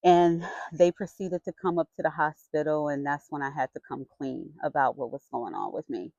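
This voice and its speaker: A middle-aged woman vlogger telling a personal story in a frank, chatty and expressive way. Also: low voice, moderate pace, vocal fry, no room sound. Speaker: vlogger sharing her health story. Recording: dull lo-fi sound.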